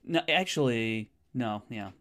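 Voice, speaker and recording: A man co-hosting a podcast in casual chat, ribbing his partner and jumping into high squeaky jabs. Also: animated, unhurried, fairly bright tone. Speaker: podcast co-host.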